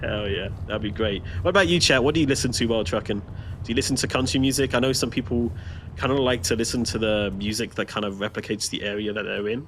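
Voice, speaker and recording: A man's voice: lowish voice, steady tone, quick pace, fairly bright tone, a little hiss or hum. Chatty man laughing between remarks. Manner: chatty, laughs often, reads out viewer comments. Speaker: stream co-host. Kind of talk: casual livestream chat.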